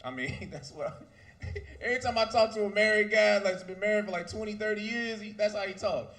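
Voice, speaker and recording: Loud, animated stand-up comic in his thirties. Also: high voice, fast. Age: 30s. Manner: loud, animated, profane delivery. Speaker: stand-up comedian. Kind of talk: stand-up comedy set.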